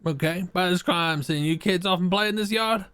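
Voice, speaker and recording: A man's voice: high voice, moderate pace, bright, forceful tone. Playful man streaming a game. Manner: playful, joking, reads choices aloud. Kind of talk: live game playthrough, reading aloud and chatting.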